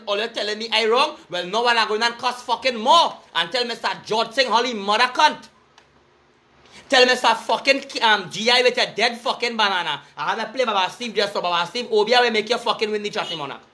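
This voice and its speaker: High, bright-voiced Trinidadian man ranting. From Trinidad and Tobago. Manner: heated, profane, repetitive ranting. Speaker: entertainer. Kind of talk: angry cursing rant to camera.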